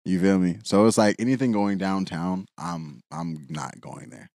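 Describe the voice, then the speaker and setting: A man's voice: low-pitched, normal speed, vocal fry, darkish tone, no room sound, clean studio sound. A young man talking in a laid-back, joking, slangy way during casual podcast chat.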